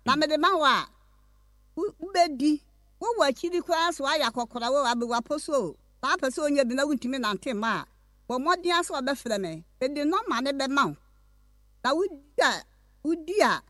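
A woman's voice: high-pitched, fairly bright tone, no echo, studio quality. An older woman, a spiritual healer, advertising her services on radio in an emphatic sing-song way. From Ghana.

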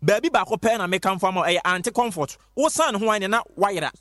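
Man, radio ad pitch, rapid delivery, high voice, dry close sound. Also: lively intonation, fairly bright tone, dry recording. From Ghana. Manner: fast, insistent, repeating phrases. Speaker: radio presenter. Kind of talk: hyped radio advert pitch.

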